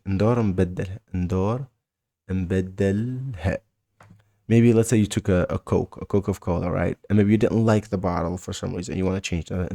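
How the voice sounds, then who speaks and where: A man with a Mauritanian accent giving a casual spoken language lesson, often halting and repeating words and phrases slowly for learners. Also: low voice, vocal fry, mellow. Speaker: language teacher.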